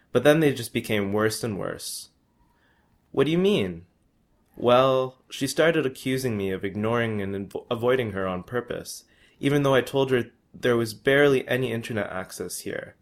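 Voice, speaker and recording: A man's voice: mid-range voice, normal speed. A young man earnestly reading his personal travel story aloud. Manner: earnest, with small restarts.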